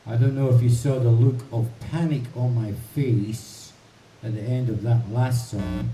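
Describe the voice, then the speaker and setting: A man's voice: medium pitch, steady tone, measured pace, mellow. A man hosting a livestream from his home, chatting casually and thinking aloud between songs. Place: home in the mountains. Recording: roomy, distant mic, faint hiss.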